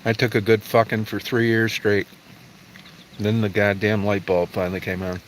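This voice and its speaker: Middle-aged guy on a livestream, low voice, swears a lot, rambles on, bit of noise behind. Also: level tone, normal speed, low-quality recording. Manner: blunt, profane, rambling. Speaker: livestream host. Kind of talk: casual livestream chat answering viewers.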